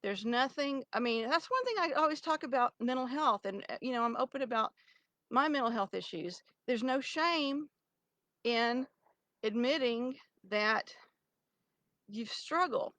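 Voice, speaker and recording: Middle-aged woman, higher register, emotional rambling direct-to-camera plea, near tears, dry close sound. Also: animated, a little slow, a bit bright, dry recording, poor audio. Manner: rambling, pleading, many restarts and fillers. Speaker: vlogger addressing her ex.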